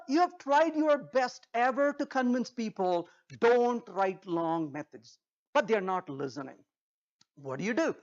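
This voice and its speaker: A man giving a humorous technical talk at a conference, an animated storyteller who acts out dialogues. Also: very high-pitched, highs cut off. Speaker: conference speaker. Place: conference stage.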